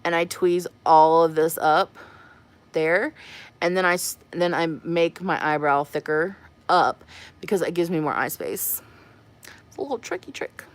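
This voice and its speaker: A woman with a slightly low voice hosts a makeup live stream. She talks in a loose, chatty way and laughs often as she reads comments from her viewers. Her voice comes through a webcam mic. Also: unhurried. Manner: chatty and giggly, reads and answers the chat. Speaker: makeup livestream host.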